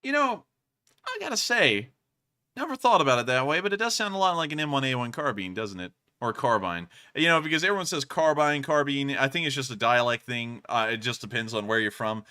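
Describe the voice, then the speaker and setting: A man's voice: mid-range voice, animated, a little fast, sharp tone. A man hosting a casual livestream, rambling and laughing often, thanking viewers with stock phrases. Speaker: livestream host.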